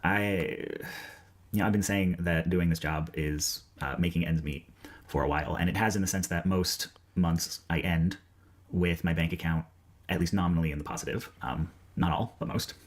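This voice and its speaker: A man from New England speaks as a video essayist delivering a personal update. He is hesitant and soft-spoken, with frequent pauses and fillers. His voice is very deep. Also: steady tone.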